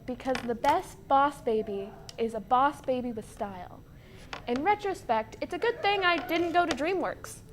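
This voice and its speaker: A woman's voice: high voice, slight background noise. A young woman, a student show's head writer, delivering a mock-serious comic monologue. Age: young adult.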